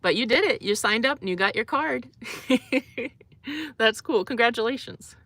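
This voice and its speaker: A woman's voice: on the high side, expressive, a little slow, a bit bright, dry recording. A young woman hosting a casual livestream, chatting loosely with lots of fillers and laughs as she reads comments. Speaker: livestream host.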